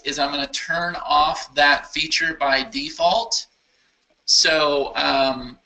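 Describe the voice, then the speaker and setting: A man with a very bright, forward voice sitting a little above the usual pitch runs a loose live question-and-answer session for his users. He rambles cheerfully, thinks out loud as he navigates his screen, and sounds keen about what he is building. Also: poor audio. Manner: enthusiastic, rambling, thinks aloud while clicking around. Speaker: software company founder answering user questions. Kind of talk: casual live Q&A with screen demo.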